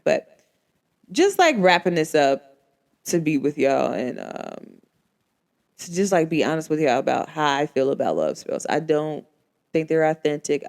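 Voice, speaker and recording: A woman hosting a podcast, talking casually and acting out the people in her stories. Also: sits low. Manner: animated storytelling, acts out quoted people. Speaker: podcast host. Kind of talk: casual monologue.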